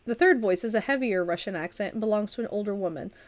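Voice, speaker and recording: A woman's voice: medium pitch, fast talker. Chatty woman reading a game aloud. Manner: chatty asides, stumbles over words and restarts reading. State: recovering from a long illness. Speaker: streamer and storyteller. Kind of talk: reading a vampire visual novel aloud on a livestream.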